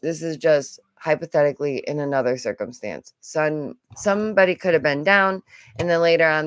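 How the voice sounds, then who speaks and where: Young woman rambling through a reaction vlog, low voice, smooth and dry. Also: moderate pace, no room sound. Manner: chatty, rambling, with frequent asides and laughs. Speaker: commentary vlogger. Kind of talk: casual reaction commentary.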